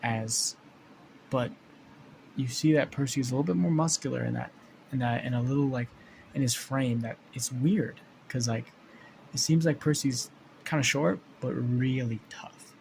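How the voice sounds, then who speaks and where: A man telling an improvised fan story in a mid-pitched voice. He rambles, restarts sentences and swears casually. A faint hiss of ambient noise sits under the recording. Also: normal speed, vocal fry, a little mellow, rough recording.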